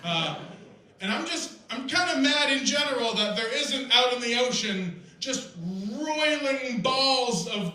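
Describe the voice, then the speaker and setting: High, bright-voiced stand-up comic man. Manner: rambling, absurd, excitable delivery. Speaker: stand-up comedian. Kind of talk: stand-up comedy set. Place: live comedy festival stage. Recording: echoey live venue, heard from a distance.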